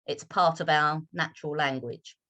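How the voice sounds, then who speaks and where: A British woman English teacher from London, speaking with a polished RP accent in measured, slowed speech on a video call. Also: low-pitched, steady tone, pushed and bright. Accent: British RP, London roots. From London, England. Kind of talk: online Q&A talk.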